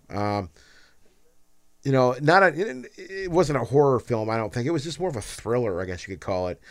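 A man's voice: mid-range voice, smooth, no echo, clean studio sound. Rambling man chatting about movies. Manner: rambling, restarts and jokey grumbling. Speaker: podcast co-host. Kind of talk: casual movie chat.

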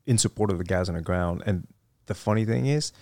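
A very deep, gravelly middle-aged man recounts his service years in a relaxed interview. He wanders through each story with ums, uhs and restarts. The sound is close and dry. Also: brisk, no echo. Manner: rambling, many fillers and restarts. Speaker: guest, retired Marine officer.

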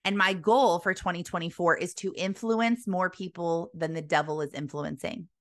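A woman's voice: on the low side, steady tone, normal speed. A woman giving a motivational Christian sermon in an earnest, urgent, exhorting manner. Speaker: Christian speaker.

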